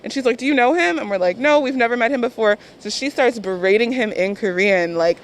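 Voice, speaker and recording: A woman in a street interview telling a story in a lively, animated way. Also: on the high side, fairly quick.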